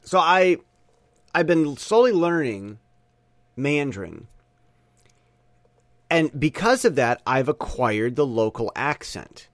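A man's voice: medium pitch, a bit bright, no room sound, clean studio sound. A man with a Michigan accent, a podcast host giving an opinionated, rambling monologue with many restarts. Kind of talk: casual monologue.

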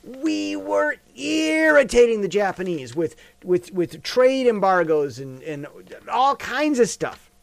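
Brief: talky male commentator, rambling with restarts and questions, high-pitched and expressive. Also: takes it slowly, vocal fry, dry recording. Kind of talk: casual commentary monologue.

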